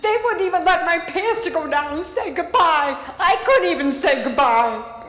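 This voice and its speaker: A woman's voice: very high voice, expressive, moderate pace, fairly bright tone. A grieving woman speaking at a public meeting, tearful and angry, her voice breaking as she talks. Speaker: public commenter. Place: village board meeting hall. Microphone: podium microphone. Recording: echoey hall, long reverb.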